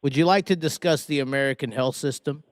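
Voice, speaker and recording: A man's voice: medium pitch, fast. A man hosting a podcast in casual chat, rowdy and swearing in jest with his guests. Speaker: podcast host.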